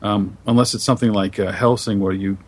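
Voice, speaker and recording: A man on a podcast panel, speaking thoughtfully and hesitantly with many pauses and ums. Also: lowish voice, steady tone, breathy edge. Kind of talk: casual panel discussion.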